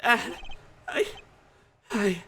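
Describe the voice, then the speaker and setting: A man's voice: extremely slow, sharp tone. Brief: timid young male prosecutor, stuttering and pleading, pushed up well above the player's own voice. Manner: stammering, pleading.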